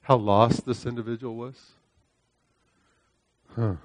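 A middle-aged man preaching a sermon, telling a personal story. He speaks emphatically and repeats phrases, often asking "right?", and swings between loud, high preaching and quieter storytelling. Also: steady tone, slow, no echo.

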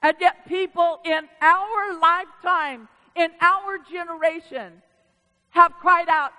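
A woman pastor preaching a sermon in a church, animated and calling out to the congregation. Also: very high-pitched, takes it slowly, big-room sound. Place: church sanctuary.

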